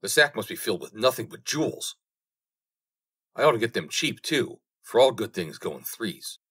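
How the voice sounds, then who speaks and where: A man's voice: fairly low pitch, very animated, moderate pace, fairly bright tone, slightly rough, heavily acted. A man doing a greedy, sly innkeeper. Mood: scheming. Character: greedy male innkeeper, scheming then cowering.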